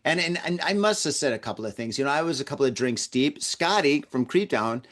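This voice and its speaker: A man's voice: medium pitch, lively intonation, fairly quick, fairly bright tone. A man hosting a podcast, telling a story in a casual, rambling way, often repeating words and acting out the people he quotes. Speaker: podcast host. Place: lives in Tokyo.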